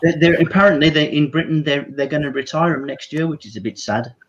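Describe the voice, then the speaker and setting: A man's voice: on the high side, fast, highs cut off. A man who is a regular on a chat show, bantering casually and calling people mate. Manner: chatty, says mate. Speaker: regular panelist.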